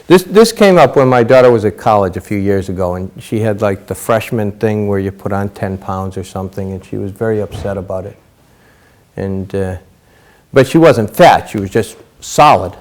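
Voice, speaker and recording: A man's voice: fairly low pitch, moderate pace, darkish tone. Middle-aged man telling a casual story. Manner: casual storytelling, many fillers. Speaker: Zen teacher. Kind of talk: dharma talk.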